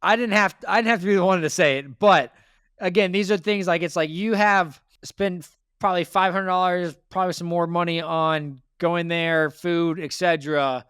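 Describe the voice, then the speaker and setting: A man's voice: sits high, fairly even intonation, moderate pace, fairly bright tone, smooth, dry recording, studio quality. A man hosting a debt interview, giving blunt, lecturing advice and repeating his points. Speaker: financial advice host. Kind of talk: direct money coaching.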